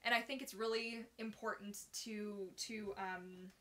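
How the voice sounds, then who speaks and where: Bubbly bright-voiced woman chatting live. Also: mid-range voice, fairly even intonation, a little slow. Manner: bubbly, chatty, fillers like "like" and "oh my gosh". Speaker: livestream host. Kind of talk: casual live Q&A chat. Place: at home at her computer. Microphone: phone.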